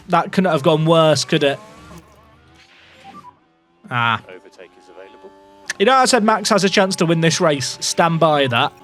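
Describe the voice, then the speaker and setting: A young man commentating live on a racing management game for his chat, swinging between nervous muttering and excited shouts. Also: fairly high pitch. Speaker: gaming YouTuber.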